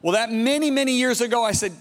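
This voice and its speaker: A man preaching a sermon, telling a story dramatically and dropping to a hushed, awed tone. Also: very high voice, fast talker, in a large hall. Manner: dramatic, swings from loud emphasis to hushed awe.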